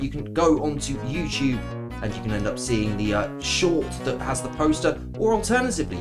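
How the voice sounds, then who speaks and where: A man rambles through a game stream, sarcastic and quick to swear at the screen. His voice sits at an ordinary middle pitch, with clear guitar music playing behind him. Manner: rambling, sarcastic and playfully profane. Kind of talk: casual rambling stream commentary. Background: background game music.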